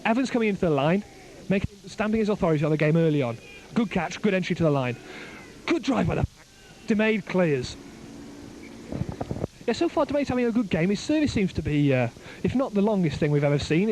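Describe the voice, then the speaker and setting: A man giving live play-by-play rugby commentary outdoors at a ground, excitable and joking, his voice climbing as the play builds. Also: high-pitched, fast talker. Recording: noisy outdoor amateur recording.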